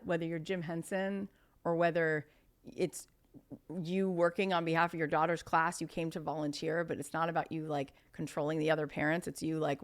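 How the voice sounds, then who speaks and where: A middle-aged woman speaking as a podcast guest, talking in an animated way, acting out quotes and sometimes dropping to a whisper. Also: low-pitched. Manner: animated, acts out quotes, drops to a whisper for emphasis. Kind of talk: conversational podcast interview.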